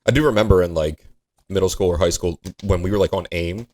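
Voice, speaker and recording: A young adult man, a podcast guest, chatting casually and reacting quickly. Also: low voice, a little mellow. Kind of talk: casual chat.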